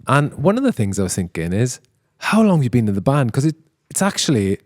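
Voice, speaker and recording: Lively, chatty male podcast host. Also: medium pitch, brisk, dry recording, clean studio sound. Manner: chatty, jokey, laughs often, many restarts. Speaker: podcast host and band member. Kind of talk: casual podcast chat. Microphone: handheld microphone.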